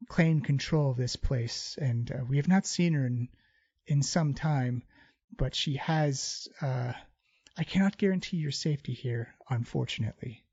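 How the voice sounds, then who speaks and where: A man's voice: medium pitch, no room sound, muffled recording, lightly acted. A man voicing a polite ghost librarian woman. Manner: soft, courteous, hesitant.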